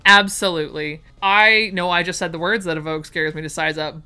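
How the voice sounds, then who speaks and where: A woman's voice: fairly low pitch, steady tone, fairly quick, pushed and bright, clear, resonant tone. A woman chatting enthusiastically while unboxing vintage sewing patterns, gushing over each find. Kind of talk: casual unboxing chat.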